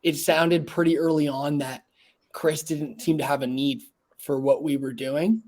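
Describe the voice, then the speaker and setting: A man's voice: a little high, fairly even intonation, a little slow, a little mellow. A man, a salesman who talks in an upbeat, plain-spoken way and often laughs, over a video call. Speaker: sales rep. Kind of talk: casual sales chat.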